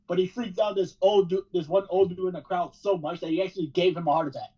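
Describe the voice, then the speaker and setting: A man's voice: high voice, steady tone, fast, husky. A man co-hosting a podcast, telling stories casually with frequent restarts. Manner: storytelling with repeated restarts. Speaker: podcast co-host. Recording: dull lo-fi sound.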